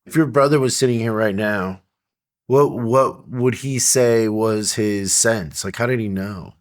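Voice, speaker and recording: A man hosting a podcast, gently probing his guest with follow-up questions. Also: fairly low pitch, measured pace. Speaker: podcast host. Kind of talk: interview questions.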